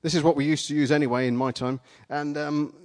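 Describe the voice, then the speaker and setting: A man preaching a sermon, retelling a vision in the first person, dramatic at first and then playful and energetic with volunteers in front of a live congregation. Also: on the high side, fast talker. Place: church gathering with a live audience.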